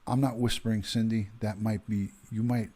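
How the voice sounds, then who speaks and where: A husky man in his fifties chats casually on a livestream. His voice sits low, and he greets viewers by name, his talk full of ums and uhs. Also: little pitch movement, normal speed, mellow. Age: 50s. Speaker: retired police detective hosting a livestream.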